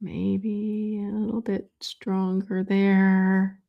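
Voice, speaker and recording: A woman slowly talks through a drawing as she makes it, in an unhurried, unpolished way. She muses aloud, restarts sentences and adds small asides to her viewers. The tone is easygoing, like a teacher sketching beside you. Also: mid-range voice, vocal fry, muffled recording. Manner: thinks aloud while drawing, meandering and self-correcting; relaxed and chatty, with light laughs. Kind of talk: live drawing demonstration.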